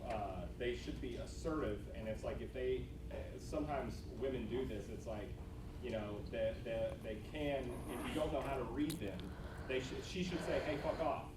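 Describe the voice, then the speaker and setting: A man's voice: mid-range voice, normal speed, roomy sound. A man in a seminar audience speaking up bluntly with his opinion. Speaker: audience member. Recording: distant room mic with background noise.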